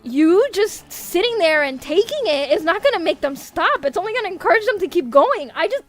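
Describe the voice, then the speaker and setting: A woman's voice: extremely high pitch, animated, fairly quick, few pauses, soft background music. A woman streamer in casual livestream chat, ranting animatedly with lots of swearing and frequent laughter. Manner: laughs often. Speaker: VTuber streamer.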